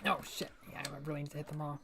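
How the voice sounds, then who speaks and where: A woman's voice: sits low, monotone, very fast, fairly bright tone, slight background noise. A young adult woman chatting playfully through a gaming livestream, muttering to herself and swearing now and then. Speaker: streamer. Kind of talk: casual gaming livestream commentary.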